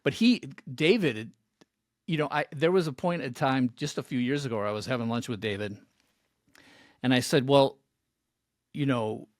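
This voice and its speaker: A man hosting a podcast, reminiscing in a halting way with frequent restarts. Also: mid-range voice, no room sound, studio quality. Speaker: podcast host. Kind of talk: casual podcast conversation.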